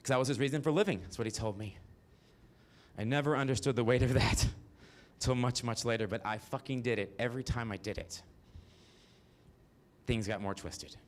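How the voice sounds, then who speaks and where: A man's voice: medium pitch, moderate pace. A man, telling his life story on stage in a frank, profane style with asides to the audience. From Mississippi. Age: 40s. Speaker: solo performer. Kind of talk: autobiographical stand-up storytelling.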